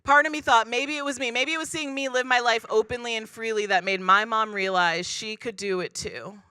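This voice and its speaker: A woman doing stand-up comedy into a handheld mic, her voice high and very bright. The sound is close and dry, with little room around it. She delivers her jokes deadpan and self-deprecating. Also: fairly quick, clean tone, no echo. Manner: deadpan, self-deprecating, acts out quoted people. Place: comedy club stage.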